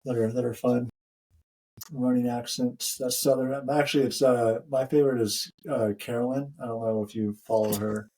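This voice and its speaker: A man's voice: mid-range voice, steady tone, moderate pace, a little mellow, husky, rough recording. A man co-hosting a running podcast in casual chat, jokey and easily sidetracked, often trailing off mid-sentence. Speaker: podcast co-host.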